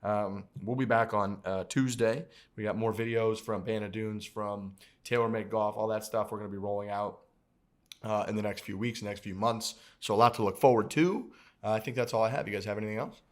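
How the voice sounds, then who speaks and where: A man with a lowish voice hosting a podcast. He talks in a relaxed, conversational way and steers the segments along. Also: brisk. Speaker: podcast host. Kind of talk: casual chat.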